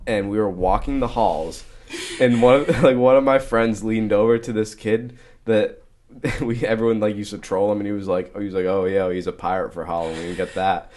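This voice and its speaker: A young man co-hosting a podcast in casual chat, telling animated stories full of laughter and sudden loud outbursts. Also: on the low side. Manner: animated storyteller who breaks into loud shouts and laughter. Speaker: podcast co-host.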